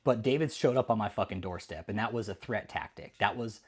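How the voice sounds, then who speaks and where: A man's voice: lowish voice, fairly quick, darkish tone, slightly rough. A middle-aged man from Texas, hosting an angry, profane commentary rant full of defiance and swearing. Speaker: host.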